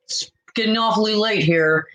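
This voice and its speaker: A woman's voice: medium pitch, normal speed, a bit bright, close to an everyday voice, rough recording. A woman mimicking a bored male inmate who drawls in an unbothered way.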